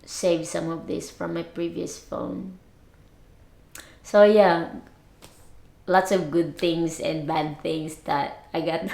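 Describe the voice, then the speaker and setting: A woman's voice: lowish voice, fairly even intonation, slow, vocal fry, pauses often, darkish tone. A woman from the Philippines, chatting casually to camera as a vlogger, giggly and prone to trailing off and restarting. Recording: roomy echo.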